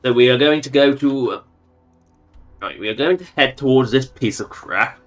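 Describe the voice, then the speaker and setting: A man chatting his way through a game on a livestream, playful and rambling, often giggling at himself. His voice sits at an ordinary pitch, with faint music running behind. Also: normal speed. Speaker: streamer. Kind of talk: casual gameplay commentary.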